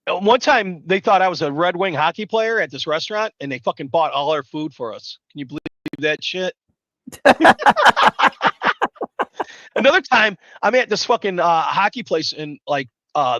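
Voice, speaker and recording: A man rambles through a live stream, loud and foul-mouthed. His voice is forceful and a bit high, and the sound is dull and dry, like a lo-fi mic. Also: lively intonation, a little fast, few pauses, no echo. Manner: loud, rambling, swears constantly. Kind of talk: profane casual storytelling chat.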